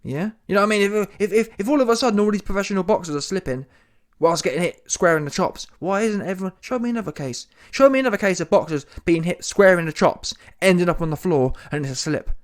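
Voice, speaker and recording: A man giving an exasperated, animated comedy rant about boxing, often repeating himself. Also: high voice, fast. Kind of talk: ranting reaction commentary.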